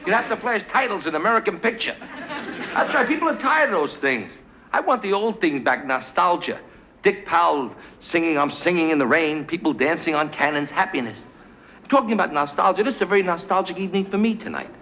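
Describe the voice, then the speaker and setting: A man's voice: high voice, big pitch swings, brisk, bright, forceful tone, a little hiss or hum. A middle-aged male stand-up comedian telling jokes on a TV studio stage with brash, wisecracking punchline delivery. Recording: 1970s live TV broadcast with a roaring audience. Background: audience laughter.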